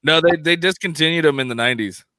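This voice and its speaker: A man's voice: fairly high pitch, fast, bright, forceful tone, no room sound. A man in his thirties talking loosely and jokingly on a podcast, stumbling over restarts. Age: 30s. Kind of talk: casual chat.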